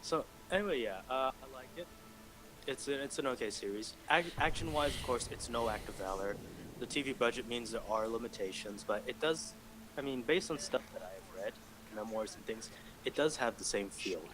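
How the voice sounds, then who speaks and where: A man's voice: mid-range voice, brisk, fairly bright tone. A man from Malaysia chatting casually in voice chat, rambling and telling stories. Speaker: call center supervisor. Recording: noisy voice-chat mic.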